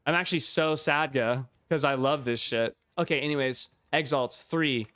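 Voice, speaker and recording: A man's voice: mid-range voice, normal speed, a bit bright, no room sound. A man streaming a video game who chats casually and rambles, swearing constantly and often laughing. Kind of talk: casual livestream chat.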